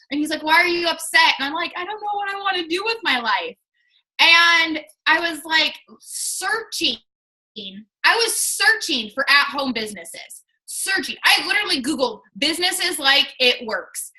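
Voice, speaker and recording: A young woman from Washington state talks candidly to her team on a casual call. Her voice sits high and sounds very bright and sharp, and she is chatty and earnest, with "like" in nearly every sentence. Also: low-quality recording. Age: 20s. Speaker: fitness coach.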